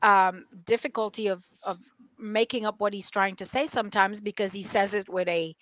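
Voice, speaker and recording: A woman with a slight French-Canadian accent, chatting casually and telling animated stories, laughing often and acting out other people's voices. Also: medium pitch, normal speed, no echo. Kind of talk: casual chat.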